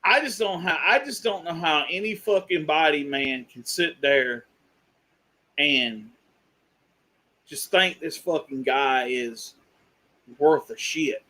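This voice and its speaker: A man's voice: fairly high pitch, animated, takes it slowly, long pauses, sharp tone. A man on a live stream delivering an angry, profane, exasperated rant.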